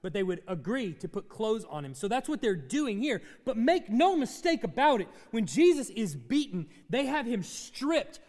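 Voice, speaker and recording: A high-pitched male pastor delivers a sermon in a large hall, working through a Bible passage and putting questions to the congregation.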